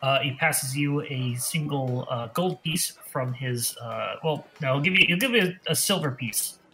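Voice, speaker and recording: A man's voice: mid-range voice, normal speed, bright, forceful tone. A man narrating a tabletop game as game master, rambling and correcting himself with lots of fillers.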